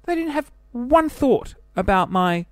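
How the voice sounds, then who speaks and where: A man's voice: very high-pitched, big pitch swings, unhurried, dry recording, clean studio sound. A man in his twenties with an Australian accent, hosting a casual solo podcast, chatty and self-deprecating as he jumps from one topic to the next. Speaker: podcast host.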